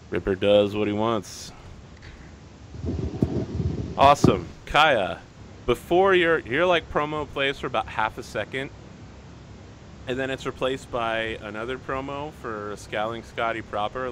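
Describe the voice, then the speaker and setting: A man narrating and running a tabletop wrestling game as game master, lively and casual. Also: on the low side, a little hiss or hum. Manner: lively, puts on crowd voices.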